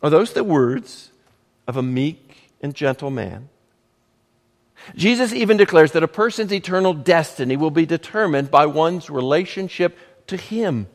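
A pastor preaching a sermon, emphatic and measured, with dramatic pauses and rhetorical questions. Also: male voice, on the high side, animated, long reverb tail.

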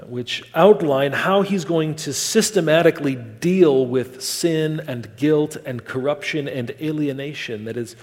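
A man preaching a sermon in a measured, emphatic way, asking rhetorical questions. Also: medium pitch, a little mellow. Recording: long hall reverb.

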